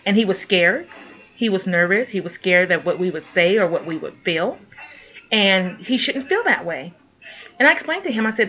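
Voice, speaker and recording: A woman makes an impassioned direct-to-camera appeal, her voice indignant, pleading and emphatic. Her pitch sits in an ordinary middle range. The recording sounds dull and lo-fi. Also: animated, normal speed, fairly bright tone. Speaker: mother speaking out.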